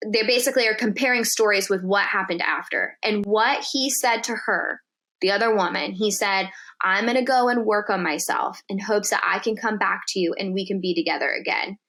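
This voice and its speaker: A woman guest on a podcast telling a story in casual chat, animated and profane, acting out the quotes in dialogue. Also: medium pitch, a little fast.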